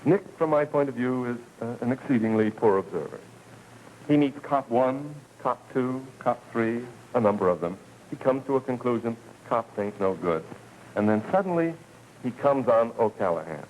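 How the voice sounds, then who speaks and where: A man giving a televised lecture as a professor, speaking in an earnest, deliberate way with emphatic repetition. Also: mid-range voice, expressive, a little mellow, slight background noise, poor audio. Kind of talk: televised lecture with story reading.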